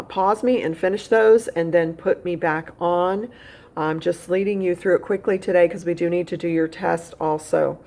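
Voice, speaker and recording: A woman's voice: lowish voice, vocal fry, darkish tone. A woman teaching a recorded phonics lesson, speaking straight to a young pupil at home and patiently repeating key points. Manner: speaks directly to a child at home.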